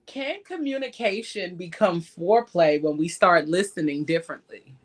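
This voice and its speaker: Animated, laughing woman podcast host. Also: on the low side, moderate pace. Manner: animated and laughing, slangy, teasing. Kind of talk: casual podcast chat.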